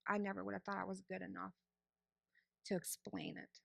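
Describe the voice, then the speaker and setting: Very animated and talking a little fast, a woman with a medium-pitched, fry-laden voice delivers her personal testimony to a congregation. She's frank and conversational, acting out her former thinking, recorded without echo.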